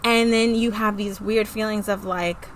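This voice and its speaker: A woman's voice: medium pitch, fairly even intonation, measured pace, a little hiss or hum, rough recording. A young woman co-hosting a podcast, speaking in a thoughtful, affirming way about her own experience. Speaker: podcast co-host. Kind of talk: reflective conversation.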